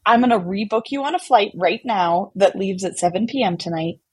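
A woman tells a story in an easy, animated way, her voice a little husky. The sound is dry and close, with no room around it. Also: medium pitch, brisk, no room sound, rough recording. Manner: animated, chatty, many fillers like "like". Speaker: podcast guest telling a story. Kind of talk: casual storytelling.

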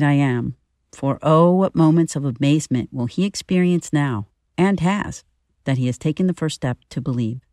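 A woman in her fifties giving a scripted, earnest and personal spiritual reflection in a measured way. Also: low-pitched, dry recording, clean studio sound. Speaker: podcast reflection speaker.

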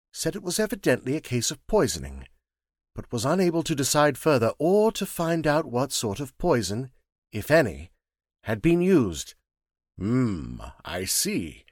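A man's voice: medium pitch, very animated, measured pace, no echo, studio quality. A man voicing a heavily built, dull-looking male detective in an audiobook, speaking bluntly and curiously. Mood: probing. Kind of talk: audiobook character reading.

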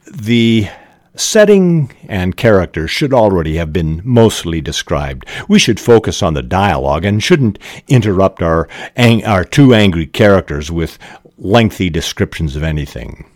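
Deep slow guy talking through writing tips, lots of uhs, very up-and-down delivery. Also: big pitch swings, darkish tone, no echo, clean studio sound. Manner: deliberate, with frequent "uh" fillers. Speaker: podcast host teaching fiction writing. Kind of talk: explanatory talk and reading aloud.

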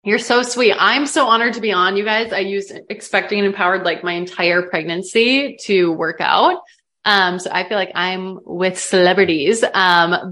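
A woman's voice: medium pitch, pushed and bright. Chatty young woman from the Midwest. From American Midwest. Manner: chatty, open, many likes and ums. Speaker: podcast guest. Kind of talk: casual podcast interview.

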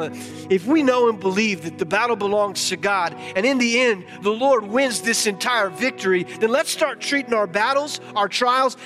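A male pastor delivers a sermon in a fairly high voice, swinging between casual storytelling asides and fervent, rising exhortation. Soft music plays faintly behind him. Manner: fervent, building to shouts; conversational storytelling with laughs and asides.

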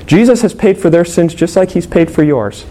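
A man's voice: fairly high pitch, lively intonation, normal speed, dark tone. A man preaching a sermon to parents in an earnest, conversational way, telling a story with frequent "uh" fillers. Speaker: pastor.

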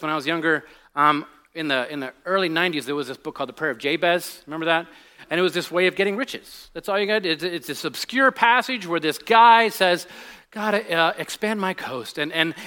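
A man in his forties giving a conversational sermon as a pastor, telling stories with lots of restarts and sinking to a hushed voice on serious points. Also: high-pitched. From United States. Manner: animated storytelling, drops to a hushed voice on serious points, many restarts.

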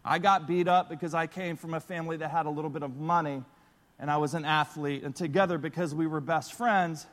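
A man preaching a sermon as pastor, telling stories in an animated, lively way. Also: on the high side, brisk. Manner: storytelling, animated, excitable bursts. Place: church auditorium. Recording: long reverb of a large hall.

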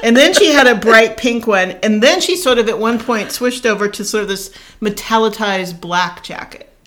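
A woman's voice: a little high, moderate pace, a bit bright. A woman co-hosting a podcast, chatting casually and rambling with fillers as she recaps a film. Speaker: podcast co-host. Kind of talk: casual chat.

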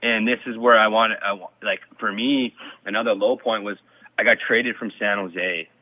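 A man's voice: fairly low pitch, fairly even intonation, moderate pace, lo-fi sound. A former pro hockey player in his thirties, telling his story in an interview with many fillers and restarts.

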